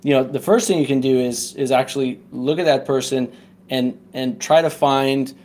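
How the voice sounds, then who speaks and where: As a podcast guest, a man earnestly tells a personal story in casual conversation, frequently checking in with "right?" to tag his points. His voice is medium in pitch and darkish, at a moderate pace.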